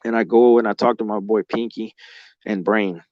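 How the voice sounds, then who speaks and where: Speaking at a normal pace with fairly even intonation, this low-voiced man is a guest recounting his own experiences. His storytelling is casual, emotional and meandering, thick with swearing and "like" fillers. There's no echo, but the highs are cut off.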